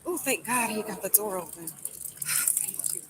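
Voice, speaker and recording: A woman's voice: mid-range voice, expressive, a little fast. Chatty woman live-streaming over noise. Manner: chatty, talking to viewers while walking in the rain. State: out of breath. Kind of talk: casual live-stream chat. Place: outdoors in rain, then at home. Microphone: phone camera.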